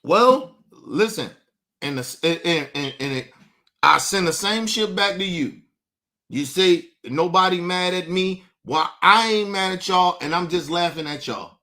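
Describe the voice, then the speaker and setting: Man, livestream host, high voice, bright, mocking, profane, talks to his chat. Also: measured pace. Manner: combative, profane, mocking, addresses chat directly. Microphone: streaming setup mic.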